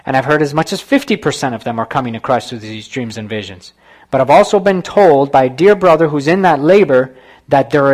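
A man preaching a sermon, retelling a story with rhetorical asides to the congregation. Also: fairly high pitch.

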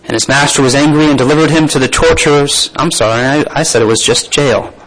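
A man's voice: a little high, quick pace, low-quality recording. A man preaching a sermon to a room of listeners, reading scripture aloud and breaking off into plain spoken asides and questions. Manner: reads scripture then comments with asides and soft laughs.

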